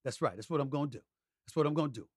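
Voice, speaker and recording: A man's voice: mid-range voice, racing, darkish tone. A man hosting his own sports talk show, talking in a boisterous, emphatic way and repeating phrases for effect. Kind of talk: solo talk show monologue.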